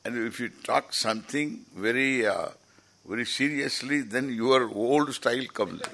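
A man's voice: mid-range voice, a little slow, fairly bright tone, a little hiss or hum. A man giving an informal, rambling lecture as a teacher at a scripture camp, often restarting his sentences. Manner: rambling, explanatory, with frequent restarts.

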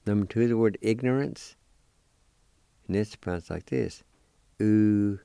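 A man teaching a language lesson on the radio, spelling words out letter by letter and repeating them slowly. He is patient and encouraging with his listeners. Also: on the low side, vocal fry, warm tone, clean tone, no echo.

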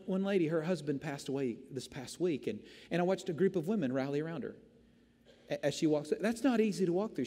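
A male pastor telling a story from the pulpit with self-deprecating humor. His voice sits fairly high and he often restarts and repeats words. Long reverb from the church hall trails behind him. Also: dark tone. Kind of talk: storytelling sermon.

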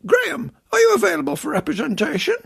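A man voicing a fussy, officious middle-aged male showbiz agent in a comic radio act, with a high-pitched, gravelly voice. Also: huge pitch swings, quick pace, a bit bright, exaggerated voice. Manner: indignant, prim and officious. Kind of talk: comic radio character acting.

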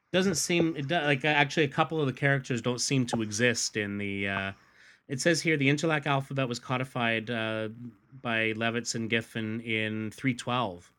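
A man's voice: mid-range voice, moderate pace, sharp tone. A man casually retelling a comic book story, acting out the characters' lines in put-on voices and laughing often. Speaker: podcast host.

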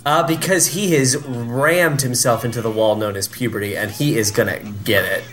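A man co-hosting a casual podcast chat, animated and joking, quick to laugh. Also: medium pitch, faint music behind. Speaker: podcast co-host.

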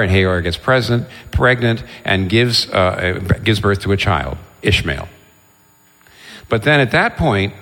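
Low-voiced preacher in a reverberant hall. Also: male voice. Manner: animated storytelling, voices the biblical figures. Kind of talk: sermon. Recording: long reverb of a large hall.

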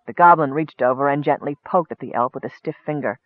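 A man reading a fantasy story aloud in steady narration. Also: fairly high pitch, brisk, few pauses, no room sound. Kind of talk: audiobook narration. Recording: tinny phone-like line, dry.

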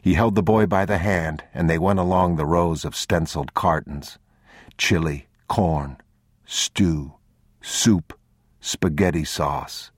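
An extremely deep, husky male narrator reads a story slowly and gravely, taking his time over every phrase. The sound is dry and close, straight into a studio microphone. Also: no room sound. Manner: measured, grave, unhurried. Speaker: audiobook narrator. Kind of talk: scripted narration.

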